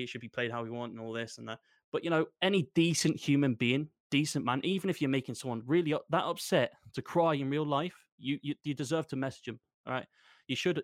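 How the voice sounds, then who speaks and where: Fast, rambling man with a grievance. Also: medium pitch, dry recording, clean studio sound. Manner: rambling, repetitive, swearing. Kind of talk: heated casual complaint.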